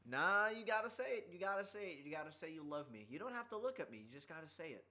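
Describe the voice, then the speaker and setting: A man streaming, chatting casually in a teasing, boisterous way and prone to shouting. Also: on the high side, animated, very fast. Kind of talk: casual chat.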